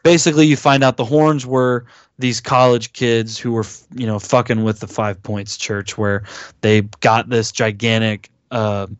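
A man's voice: mid-range voice, fairly even intonation, measured pace, smooth, no room sound, dull audio. A man co-hosting a podcast, casually recapping a horror movie, rambling with lots of fillers and swearing, often acting out lines from the film. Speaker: podcast co-host.

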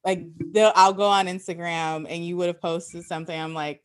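A woman's voice: lowish voice, steady tone, normal speed, hardly any pauses, clear, resonant tone. A woman with a Chicago accent, a podcast guest on a video call, speaking in an earnest, grateful way. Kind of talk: casual chat.

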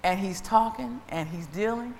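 A woman preaching a sermon in a church, moving from quiet storytelling to shouted, drawn-out calls and repeated refrains. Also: mid-range voice, vocal fry, big-room sound, a little hiss or hum.

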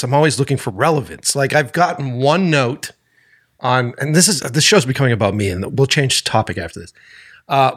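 A man who makes films, chatting casually on a podcast in a rambling, profane way that keeps breaking off and restarting. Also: medium pitch. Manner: rambling, profane, self-interrupting. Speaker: filmmaker.

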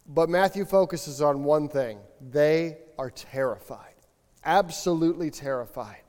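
A male pastor delivering a conversational, animated sermon, acting out bits of biblical dialogue. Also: a little high, unhurried, in a large hall. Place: church sanctuary.

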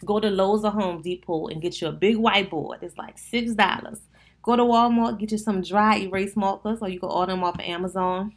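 Her mid-range voice moves at a normal speed as she talks to her audience; she's a wedding planner with a New Orleans accent hosting a casual solo podcast in an animated, down-to-earth style.

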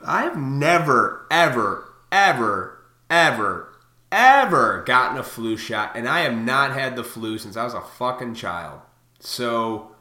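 A man in his thirties delivering a profane, heated rant to camera, swinging between loud outbursts and quieter reflective stretches. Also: medium pitch. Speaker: vlogger. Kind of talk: profane ranting monologue. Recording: echoey room.

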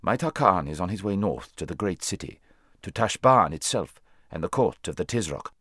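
A man's voice: sits low, lively intonation, fairly bright tone, no room sound, clean studio sound. A man voicing a proud, brusque talking war horse. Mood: brisk. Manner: brisk, commanding, contemptuous.

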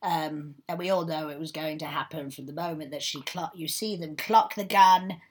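A woman's voice: low voice, normal speed. A woman in casual film chat, playful and chatty, acting out bits of the scenes. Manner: chatty, playful, acts out characters.

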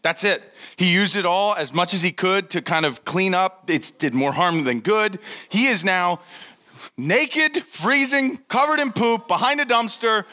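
A young man telling a funny story in a talk, animated and laughing, acting out what people said. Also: sits high, a little slow. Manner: animated, laughing, acts out quotes. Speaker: speaker giving a talk.

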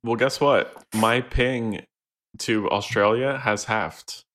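A man's voice: mid-range voice, fairly even intonation, takes it slowly. A man co-hosting a casual gaming podcast, talking in a dry, sarcastic way. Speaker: podcast co-host. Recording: loud background noise.

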